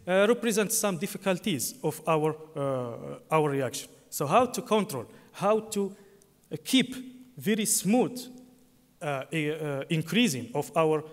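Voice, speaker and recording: A technical talk is delivered in an echoing conference hall by a high-voiced man. His pace is halting, marked by repeated fillers and self-corrections under the long reverb.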